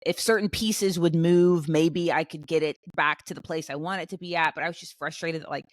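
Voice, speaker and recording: Young woman, podcast co-host, casual storytelling, lower voice, dry close sound. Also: brisk, no room sound. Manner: animated storytelling, acts out her own outbursts in a much higher voice; many fillers and restarts. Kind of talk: casual chat.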